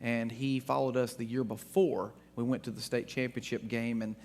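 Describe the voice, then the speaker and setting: A man from Texas, a guest speaker, telling funny anecdotes to an audience in an animated way. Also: medium pitch, moderate pace. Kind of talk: storytelling talk to an audience.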